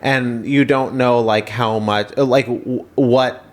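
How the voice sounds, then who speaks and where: Young guy podcast co-host, mid-pitched voice, talks slow and careful with lots of likes and ums. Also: fairly even intonation. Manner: measured, hedging with likes and ums. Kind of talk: casual chat.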